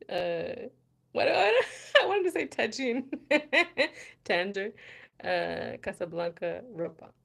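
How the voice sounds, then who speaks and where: A woman's voice: mid-range voice, creaky. An American woman hosting a casual live chat, reading viewer comments aloud and laughing often between words. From United States. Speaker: host of a language channel.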